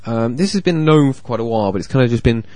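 A man's voice: medium pitch, lively intonation, fast, dark tone, no echo. A man co-hosting a casual tech podcast in an easygoing, agreeable way, chiming in often. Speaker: podcast co-host.

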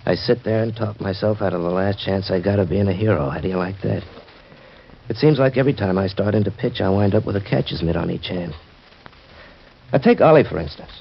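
A man's voice: low voice, fairly quick, vocal fry, a little hiss or hum. An actor playing a blunt, proud working-class man who talks in slangy, tough street talk, in 1940s radio acting style. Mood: rueful. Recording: dull lo-fi old radio recording.

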